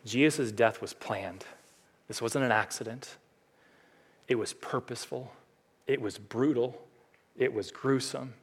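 A male pastor preaching a sermon, building to loud, high climaxes and then dropping to quiet, earnest passages. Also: measured pace, long pauses, husky.

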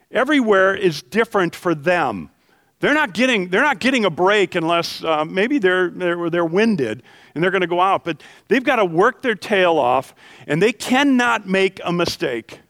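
Guy pastor preaching, kinda high voice, animated, keeps asking the crowd stuff, dry sound. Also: normal speed, no echo. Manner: animated, asks the congregation questions. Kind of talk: sermon.

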